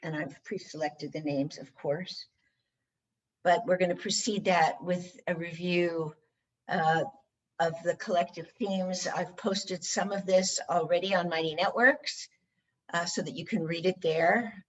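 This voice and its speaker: A woman facilitating an online group workshop, guiding the session in a measured way. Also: lowish voice, steady tone, rough recording.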